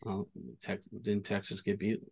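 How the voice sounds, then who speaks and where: A man's voice: lowish voice, monotone, measured pace, a little mellow, breathy edge. A middle-aged man from Michigan, co-hosting a podcast and telling rambling stories in casual chat, often restarting his sentences. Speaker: podcast co-host.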